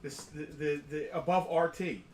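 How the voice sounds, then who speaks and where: A woman's voice: deep voice, measured pace, darkish tone, far from the mic. A woman co-hosting a live sale stream, easygoing and chiming in with short remarks. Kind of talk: casual live-stream chat. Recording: roomy, from off the mic.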